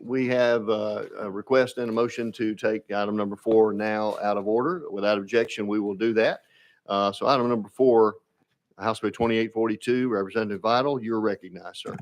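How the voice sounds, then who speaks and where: Low-voiced chairman running a hearing. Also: fairly even intonation. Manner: procedural, polite, brisk. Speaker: committee chairman. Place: legislative hearing room.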